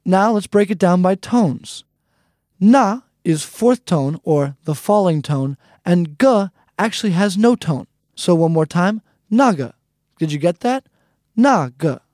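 A man's voice: sits high, lively intonation, unhurried, darkish tone, no room sound. A man hosting a recorded language lesson, explaining phrases patiently and breaking them down step by step into a close microphone. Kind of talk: scripted lesson instruction.

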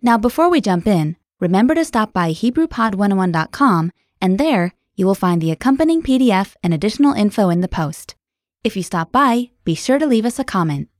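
A woman's voice: mid-range voice, very animated, fairly quick, no room sound, clean studio sound. A woman hosting a language podcast, reading a scripted, upbeat introduction. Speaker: podcast host.

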